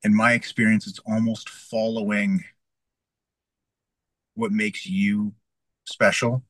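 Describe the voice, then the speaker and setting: A man's voice: lowish voice, little pitch movement, takes it slowly, fairly bright tone, no echo, poor audio. A young adult man from Canada, a fighter and coach, telling a story in a casual interview and acting out his own past lines with energy.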